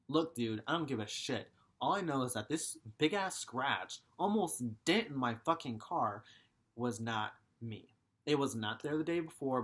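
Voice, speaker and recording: A man's voice: medium pitch, fairly bright tone. A young man talks straight to his viewers in a heated vlog rant. He swears freely and rambles from one complaint to the next, sounding fed up. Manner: frustrated, profane, rambling. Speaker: vlogger. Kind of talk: ranting vlog.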